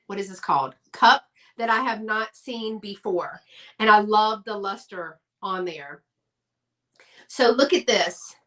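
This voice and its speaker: A woman's voice: a little high, pushed and bright. A woman hosting a casual live-stream sale, chatty and gushing over her items.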